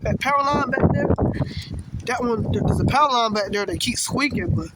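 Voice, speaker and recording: A man vlogging about the weather outdoors in strong wind, excitable and exclaiming, often calling out to his viewers. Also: extremely high pitch, a little fast. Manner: excitable, exclaiming, repeatedly addressing viewers as y'all. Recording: loud wind noise outdoors.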